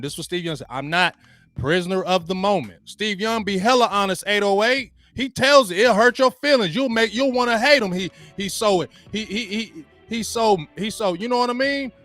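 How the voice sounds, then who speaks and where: Hyped, bright-voiced sports talk man. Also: sits high. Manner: hyped, repetitive, slangy, chant-like calls. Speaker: sports talk show personality. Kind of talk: excitable sports talk rant.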